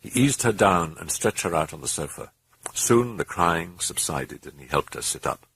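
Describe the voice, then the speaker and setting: A man giving a grave, measured dramatic audiobook narration. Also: low-pitched, animated, gravelly, a bit bright, husky.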